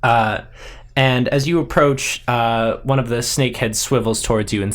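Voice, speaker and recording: Slow, halting game master man. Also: mid-range voice, fairly even intonation. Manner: unhurried, many hesitations. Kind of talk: narrating a tabletop game.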